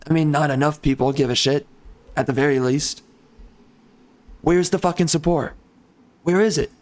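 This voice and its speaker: Furious man ranting, fairly high voice. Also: steady tone, normal speed, a little mellow. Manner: profane, heated, repetitive. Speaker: gaming YouTuber. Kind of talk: angry rant to camera.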